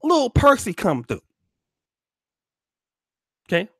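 A man telling a profane comedic story to his stream in animated, slangy talk. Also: sits high, slow pace, no room sound, clean studio sound.

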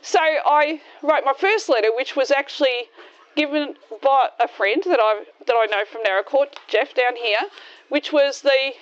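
A woman's voice: sits high, normal speed, highs cut off. A woman in her sixties, blunt and outspoken, telling a group a story in a casual, swearing way. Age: 60s. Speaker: speaker addressing a group. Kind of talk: casual anecdotal talk.

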